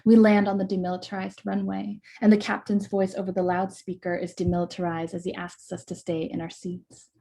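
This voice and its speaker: A woman poet reading her work aloud over a video call in a measured, rhythmic way, with soft hesitant asides between poems. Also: medium pitch, flat delivery, vocal fry.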